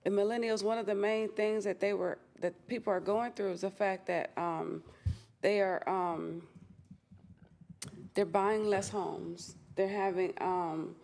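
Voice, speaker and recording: A woman's voice: mid-range voice, fairly even intonation, a little slow, creaky, a little mellow. A woman co-hosting a podcast in casual chat, explaining her points with many ums and you-knows. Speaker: podcast co-host.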